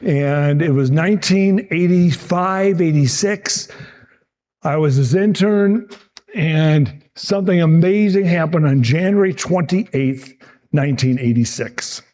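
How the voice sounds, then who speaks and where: A man in his sixties, a TV meteorologist telling lively stories from his career to an audience. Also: a little high, takes it slowly. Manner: lively anecdotal, acts out quotes, frequent restarts. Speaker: TV meteorologist giving a talk. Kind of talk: storytelling presentation to an audience.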